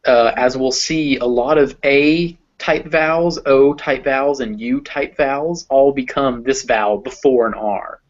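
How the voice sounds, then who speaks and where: A man's voice: medium pitch, a little slow, few pauses, muffled recording. A man with a Southern American accent teaching English pronunciation, patiently modeling vowel sounds for a learner. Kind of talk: explaining phonetics to a learner.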